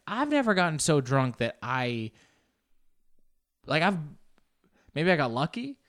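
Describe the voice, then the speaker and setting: A young man with a smooth, resonant voice talks in a loose, rambling monologue. He jokes, swears freely and keeps restarting his sentences. His pitch sits in a middle range. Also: big pitch swings, unhurried, long pauses, a bit bright.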